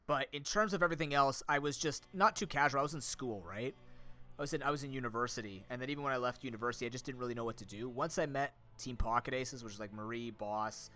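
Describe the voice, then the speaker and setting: A man's voice: medium pitch, quick pace, pushed and bright, soft background music. A young man with a sore throat, chatting on stream in a rambling, off-the-cuff way, full of fillers and restarts. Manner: talks to chat and friends off-mic. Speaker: streamer and content creator. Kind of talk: casual live-stream chat.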